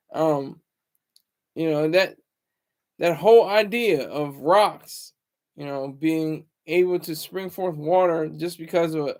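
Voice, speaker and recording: Man, high-pitched, rambling solo talk, lots of fillers. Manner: rambling, full of "you know" fillers. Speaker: channel host. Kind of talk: rambling casual monologue.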